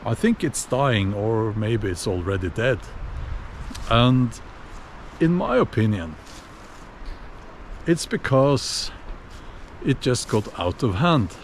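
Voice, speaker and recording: A man giving a casual opinion monologue while walking outdoors, unhurried and musing, with many fillers and restarts. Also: medium pitch, very animated, a little hiss or hum. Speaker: video blogger.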